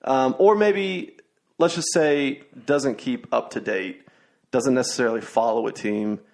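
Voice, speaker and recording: Gravelly young man hosting a chatty podcast. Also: medium pitch, unhurried. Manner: rambling storyteller with many fillers and restarts. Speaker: podcast host. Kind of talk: casual chat.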